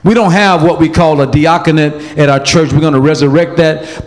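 A man preaching a sermon as pastor, emphatic and animated, calling out to the congregation. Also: a little high, normal speed, few pauses, in a large hall.

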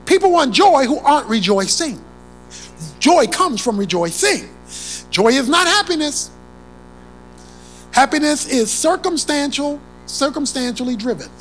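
A preacher delivers a sermon with a lively voice that leaps up and drops low. Key phrases come back again and again for emphasis, and loud declarations give way to hushed asides. Faint music plays underneath. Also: unhurried, pauses often, rough recording.

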